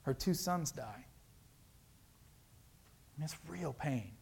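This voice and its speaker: Earnest preaching man, slightly higher voice. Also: expressive, slow pace, gravelly, breathy edge. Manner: earnest, conversational preaching with swings between loud emphasis and hushed lows. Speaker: pastor. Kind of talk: sermon.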